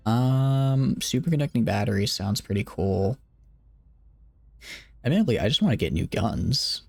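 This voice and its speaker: A man's voice: mid-range voice, very animated, normal speed, gravelly, no room sound. A tired young man casually commenting on his game during a late-night live stream, rambling and joking at his own expense. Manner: rambling, joking, self-deprecating.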